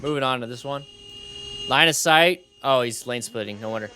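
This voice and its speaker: A young man hosting a motorcycle channel, commenting on riding videos in a casual, animated way and giving blunt advice. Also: mid-range voice, normal speed, very noisy.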